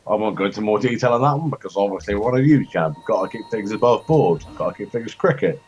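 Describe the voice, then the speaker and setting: A man chatting and joking while playing a strategy game, rambling, with sudden high-pitched outbursts. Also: lively intonation, fast, darkish tone. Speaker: co-host of a gaming chat show. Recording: dull lo-fi home recording.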